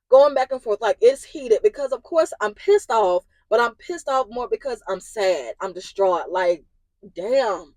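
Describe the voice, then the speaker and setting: A young woman venting about a family fight, her fairly high voice climbing into near-yelling as she replays the argument. The sound is dry and close, with no room around it. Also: lively intonation, measured pace, no echo, rough recording. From Indiana. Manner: agitated, rising to yelling in retold arguments. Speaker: vlogger. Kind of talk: emotional storytime.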